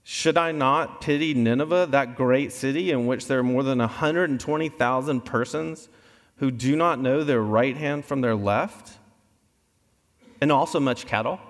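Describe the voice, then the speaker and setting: A man preaching a sermon, explaining scripture in a conversational, animated way. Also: mid-range voice, moderate pace. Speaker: pastor. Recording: long reverb of a large hall.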